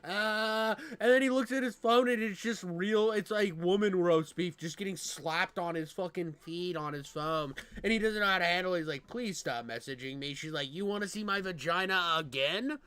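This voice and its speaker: A young man streaming crude, excitable comedic commentary as he reacts to clips, swearing freely and breaking into shouts. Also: sits high, moderate pace, hardly any pauses, smooth, dry recording. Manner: loud, excitable, profane, bursts into shouts.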